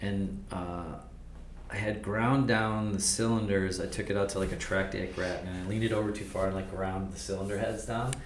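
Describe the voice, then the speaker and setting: A man's voice: low-pitched, fairly even intonation, fairly quick. A man hosting a podcast in casual chat, rambling with many fillers as he tells riding stories. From Milwaukee area. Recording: echoey room with faint noise.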